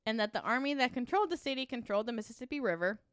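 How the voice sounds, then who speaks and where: A woman's voice: fairly high pitch, very fast, dry recording, clean studio sound. A woman co-hosting a podcast, reading sponsor copy and a history story with frequent laughs. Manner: laughs often, lively reading. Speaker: podcast co-host.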